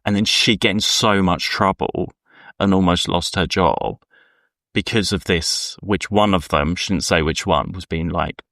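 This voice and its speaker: This podcast co-host has a deep, a bit bright voice, a steady tone and a measured pace. He chats casually, rambling through stories while performing the characters he quotes. The audio is studio quality without echo.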